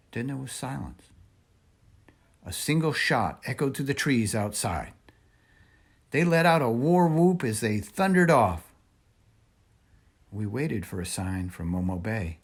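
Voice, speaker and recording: A man reading a children's storybook aloud in a measured, expressive way. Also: mid-range voice, breathy edge. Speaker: reader.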